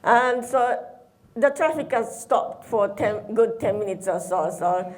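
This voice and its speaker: A woman whose first language is Japanese, a guest comedian telling stand-up anecdotes with hesitant pauses and many ums. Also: a little high, a little mellow.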